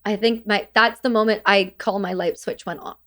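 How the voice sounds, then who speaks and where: A woman, a military veteran and podcast guest, recounting war memories in a halting way, with restarts and blunt swearing. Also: medium pitch, fairly even intonation, bright, forceful tone.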